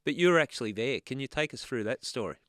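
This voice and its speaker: A man's voice: mid-range voice, lively intonation, fast, a bit bright, dry recording, studio quality. A man hosting an interview podcast, encouraging his guest with open questions. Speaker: podcast host. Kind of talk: conversational interview.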